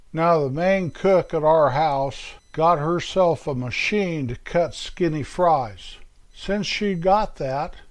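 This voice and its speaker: Casting: older American man, slow easygoing talker, slightly high voice, playful joking monologue host. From United States. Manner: playful, drops mock French exclamations in a squeaky voice. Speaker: podcast host. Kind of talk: humorous storytelling monologue.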